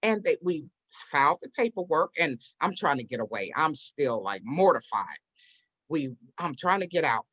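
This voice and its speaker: Her voice lowish and her pace normal, an interview guest who runs a business and invests in real estate tells her story with animation. She acts out the quoted voices of others as she goes.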